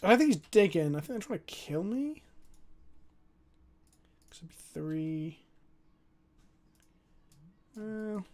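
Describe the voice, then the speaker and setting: A young man streaming a card game, talking through his plays and chatting with viewers in an animated, foul-mouthed, self-mocking way. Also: a little high.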